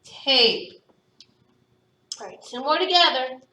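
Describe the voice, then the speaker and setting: A woman teaching a phonics lesson to young students, patient and encouraging, sounding words out slowly. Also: high-pitched, animated, bright, forceful tone. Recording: echoey room, voice from a distance.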